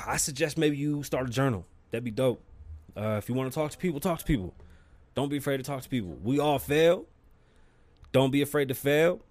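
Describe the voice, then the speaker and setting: A podcast host talks casually on his own show, telling stories with lots of energy and plenty of profanity. His voice sits in the mid range and moves fairly quickly, with no room sound.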